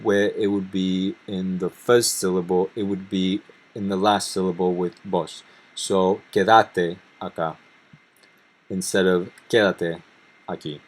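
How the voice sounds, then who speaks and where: A man's voice: lowish voice, darkish tone. A man teaching a language lesson, explaining grammar step by step and reading example sentences aloud. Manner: methodical, reads Spanish examples aloud between English explanations. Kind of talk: explaining grammar over slides.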